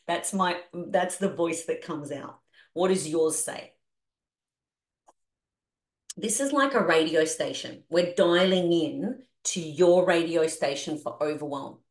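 A woman with an Australian accent leading a group coaching session on a video call, energetic and animated as she coaxes the group through exercises. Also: lowish voice, takes it slowly, echoey room. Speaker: business coach.

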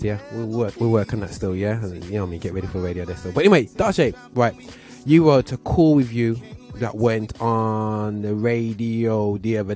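The host of a gospel show is a Birmingham man with a fairly low, slightly mellow voice. His talk is loose and chatty, full of slang and filler phrases.

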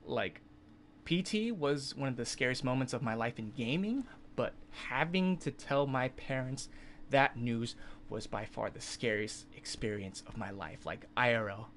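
Animated, swearing young man streamer. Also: medium pitch, a little slow, a little hiss or hum. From California. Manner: animated, swings into loud incredulous outbursts; swears freely, filler-heavy. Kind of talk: casual storytelling on a livestream.

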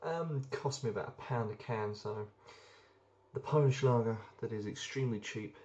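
A man's voice: on the low side, normal speed, a little mellow, highs cut off. A young man chatting casually and enthusiastically while reviewing beers, rambling with plenty of ums. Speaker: beer reviewer. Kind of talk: casual beer review vlog.

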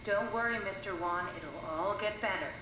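An actress playing a calm woman who soothes a frightened test subject in measured, coaxing words, heard as game audio. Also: medium pitch, noisy background, natural voice. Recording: roomy game audio with ambience.

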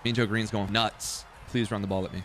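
A man's voice: fairly low pitch, steady tone, a little fast, fairly bright tone, soft background music. A young man muttering casual commentary to himself while streaming a football video game, self-deprecating and swearing.

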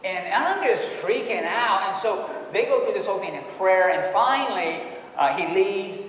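High-voiced preacher in an echoey hall. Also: male voice, lively intonation, normal speed, fairly bright tone, slight background noise. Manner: storytelling, drops voice low for quoted lines, laughs often. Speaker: pastor. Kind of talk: sermon with personal story. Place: church sanctuary. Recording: echoey hall, distant mic.

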